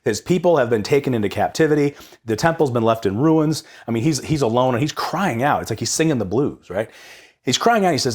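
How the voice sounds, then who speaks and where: Husky, lively young man hosting a reflection. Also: mid-range voice, brisk. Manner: energetic, conversational, repeats words when excited. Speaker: host of a Sunday readings reflection. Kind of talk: casual reflection on scripture.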